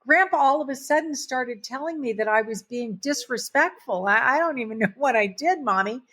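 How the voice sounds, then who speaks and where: A woman voicing her upset five-year-old daughter, high, pleading and breathless in a retold family story. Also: animated, normal speed, bright, forceful tone, heavily acted. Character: upset little girl, five years old.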